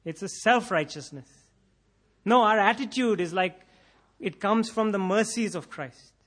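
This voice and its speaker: Impassioned male preacher, fairly high voice. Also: measured pace, fairly bright tone. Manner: rising to intense, impassioned emphasis, repeating phrases for effect; acts out imagined prayers in quoted voices. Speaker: pastor. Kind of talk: sermon.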